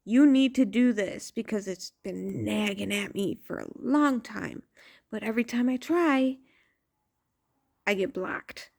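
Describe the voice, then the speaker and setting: Woman ranting slow and sweary, kinda high voice, fed up. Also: gravelly. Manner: profane, exasperated, blunt. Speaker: tarot reader vlogger. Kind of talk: casual ranting monologue.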